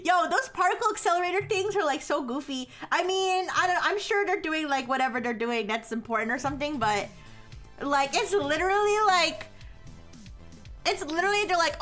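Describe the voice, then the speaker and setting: A young woman with a high, bright pitch talks casually to her live-stream viewers. She rambles, restarts her sentences and laughs often. Faint music plays underneath her voice. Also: animated, normal speed.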